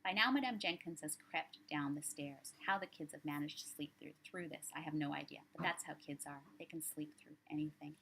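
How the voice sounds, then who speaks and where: Woman, author reading a story, low voice, gravelly texture, faint room ambience. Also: a little fast, few pauses, pushed and bright, a little hiss or hum.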